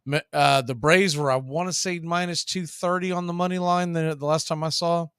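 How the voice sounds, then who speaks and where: Male stream host calling play-by-play; relaxed, chatty, slightly high, dry recording. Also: moderate pace, smooth, dry recording. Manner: relaxed, chatty, drifting into betting talk. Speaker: play-by-play announcer and show host. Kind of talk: casual baseball play-by-play.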